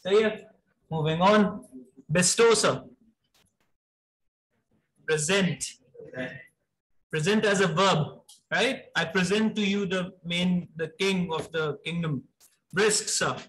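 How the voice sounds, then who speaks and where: High-voiced man quizzing vocabulary. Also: a bit bright, low-quality recording. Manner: brisk, mixes Urdu into English, calls students "sir". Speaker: vocabulary teacher. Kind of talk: live online class, quizzing students.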